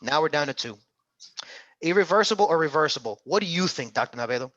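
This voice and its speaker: A man's voice: on the high side, animated, fast talker, fairly bright tone, dry recording, dull audio. A man tutoring an interactive online medical exam class, upbeat and coaxing, calling on students by name.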